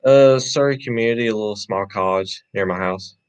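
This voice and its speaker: Young man, fairly low voice, soft-spoken, brief hesitant replies, casual podcast co-host. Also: brisk, clean tone. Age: young adult.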